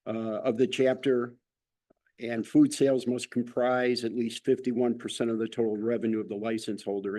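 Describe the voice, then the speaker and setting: A man's voice: mid-range voice, dark tone. A man serving as chief of staff, presenting formally to a city council with frequent fillers.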